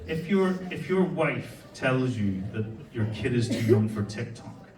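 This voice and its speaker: A man's voice: medium pitch, lively intonation, measured pace, a little mellow, distant mic. An Irish man in his forties doing live stand-up, telling stories and bantering with the crowd in a brash, sweary way. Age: 40s. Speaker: stand-up comedian. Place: comedy venue stage. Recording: echoey hall, from afar, crowd laughter. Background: audience laughter.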